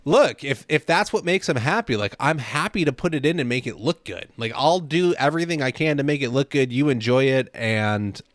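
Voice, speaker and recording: A man hosts a relaxed podcast chat in an easygoing way and often laughs along. His voice sits at a middle pitch, and the recording is dry and close, with no room sound. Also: fairly quick, hardly any pauses, dry recording. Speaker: podcast host. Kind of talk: casual interview chat.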